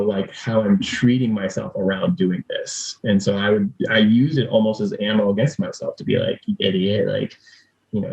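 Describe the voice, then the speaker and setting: A man's voice: on the low side, vocal fry, a little mellow, husky, muffled recording. A man speaking as an interview guest, earnest and emotional, leaning heavily on fillers. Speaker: guest, youth speaker and coach. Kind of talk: candid conversational interview.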